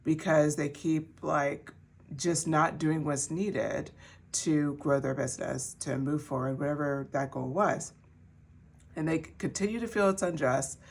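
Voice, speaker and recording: A woman's voice: low-pitched, creaky, husky. A woman giving a pick-a-card tarot reading to her viewers in a chatty way, with many fillers and restarts. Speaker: tarot reader.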